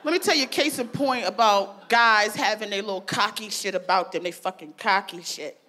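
A woman performing a stand-up comedy routine, brash and profane, shouting her punchlines. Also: medium pitch, normal speed, a little hiss or hum. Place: festival comedy stage.

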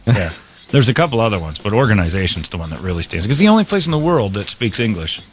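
A man hosting a radio show, bantering in a fast, joking and self-mocking way into a studio mic. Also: lowish voice, sing-song, slightly rough, faint music behind. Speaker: radio host. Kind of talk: casual morning radio banter. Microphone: studio microphone.

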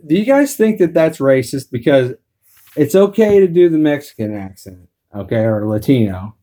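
A man spinning crude comic stories on a podcast, rambling and profane. His voice sits a little high. He keeps the telling loose and playful. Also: very animated, normal speed, warm tone. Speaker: podcast co-host.

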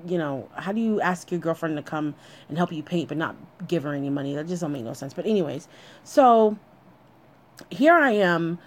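A woman with a slightly low voice tells a personal story straight to the listener. She is blunt and candid and swears freely, in an unpolished storytelling monologue. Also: animated, normal speed.

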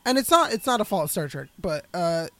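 A man with a notably high voice co-hosts a relaxed film podcast. He rambles, restarts his sentences and laughs often as he talks. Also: a little fast, no echo. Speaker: podcast co-host. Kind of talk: casual film podcast chat.

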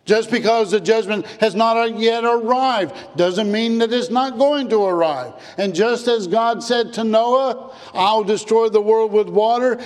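A man preaching a sermon as pastor, emphatic, repeating phrases and dropping low and soft on key words. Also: in a large hall. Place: church.

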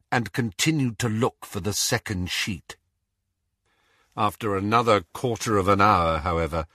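Husky, expressive male storyteller. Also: medium pitch, no room sound, studio quality. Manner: expressive storytelling, shifting pace for tension. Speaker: audiobook reader. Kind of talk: audiobook narration.

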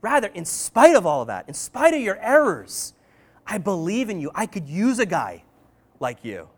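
A man's voice: sits high, wildly swooping pitch, moderate pace, breathy edge. A man preaching a casual sermon, retelling stories conversationally with many "um"s, "like"s and "right?"s. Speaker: pastor.

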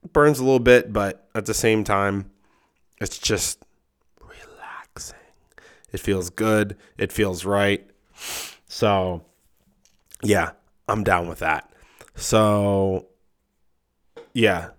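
A man's voice: lowish voice, slow pace, long pauses, smooth. A man hosting a podcast, telling loose personal stories in casual chat, swearing often and full of fillers. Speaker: podcast host. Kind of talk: casual rambling storytelling.

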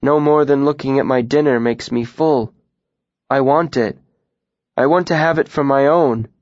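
A man voicing a stubborn, unsmiling boy who speaks slowly and insistently. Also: mid-range voice, no room sound, pitched above the performer's own voice, lightly acted. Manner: slow, flat, insistent. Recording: dry, slightly muffled studio recording.

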